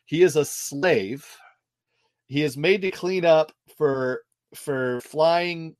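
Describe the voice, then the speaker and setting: A man chatting casually as a podcast co-host, rambling and animated, with lots of fillers and restarts. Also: a little high, takes it slowly. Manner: rambling, animated, quotes characters in put-on voices. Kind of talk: casual chat.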